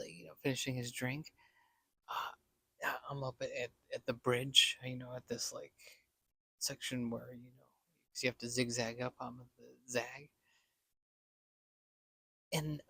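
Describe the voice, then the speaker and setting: In Las Vegas, a man with a gravelly, fry-laced, mid-range voice that is a bit bright tells a casual personal story in a loose, rambling way. He relies on fillers and restarts and drops almost to a whisper when quoting his own worries. The recording is dry and close, with no room sound.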